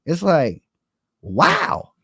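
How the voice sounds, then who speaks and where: A man's voice: on the high side, very slow, creaky, slightly rough, no echo, clean studio sound. A man giving casual, profane commentary, telling stories with lots of asides and rhetorical questions. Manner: animated, profane storytelling with many asides. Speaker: commentary streamer.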